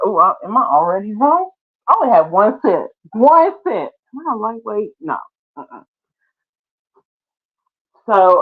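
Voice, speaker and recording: Brief: playful woman hosting a live chat, middle pitch, laughing easily, thin phone-like audio. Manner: chatty, laughs often, playful asides. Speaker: livestream host. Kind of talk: casual live-stream chat. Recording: tinny phone-like sound.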